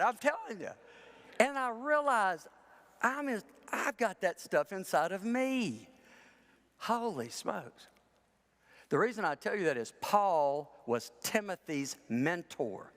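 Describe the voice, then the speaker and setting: Preacher guy, kinda high voice, jumps all over, lots of joking, echoey church. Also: measured pace. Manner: animated, chatty, self-deprecating humor, voices people in his stories. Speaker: pastor. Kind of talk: conversational sermon with storytelling. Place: large church sanctuary. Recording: church with long reverb.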